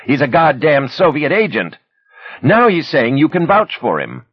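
A man voicing a rough, middle-aged male security agent who yells threats in a gruff, husky voice. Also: fairly high pitch, wildly swooping pitch, measured pace, no room sound, highs cut off, pitched above the performer's own voice, heavily acted. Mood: yelling.

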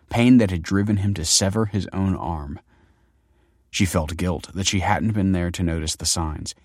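A man narrating a dark, scripted story in a steady, grave manner. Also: deep voice, no echo, clean studio sound.

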